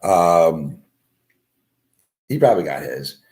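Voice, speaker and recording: A man's voice: very deep voice, lively intonation, slow, darkish tone. A man hosting a casual live stream, commenting on the news in a blunt, constantly swearing rant. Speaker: live show host.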